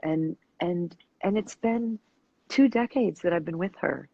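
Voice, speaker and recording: A woman with a low, husky voice tells stories with a candid, self-deprecating humor. She speaks on a casual live video call. The sound is dry and dull, like a lo-fi stream. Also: unhurried, no room sound. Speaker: author and guest.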